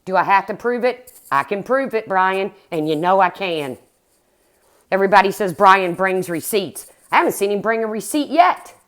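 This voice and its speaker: A woman's voice: medium pitch, animated, moderate pace, dry recording. A middle-aged woman ranting bluntly and heatedly on her livestream, swearing as she talks to her viewers. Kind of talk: angry livestream rant.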